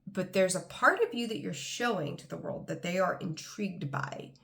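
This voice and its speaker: A woman's voice: on the low side, normal speed, vocal fry, a bit bright. A woman giving a casual tarot reading to camera, rambling and enthusiastic, with frequent ums. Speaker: tarot reader.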